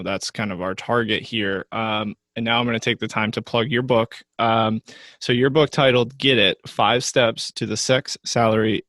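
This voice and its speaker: A man co-hosting a podcast, asking his guest questions in a relaxed, loose way. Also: on the low side, no echo, studio quality. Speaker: podcast co-host. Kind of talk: conversational podcast interview.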